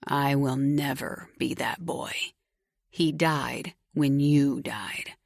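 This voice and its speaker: A woman voicing a menacing, possessive young man who speaks in a low, slow, threatening way. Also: dry recording. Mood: cold.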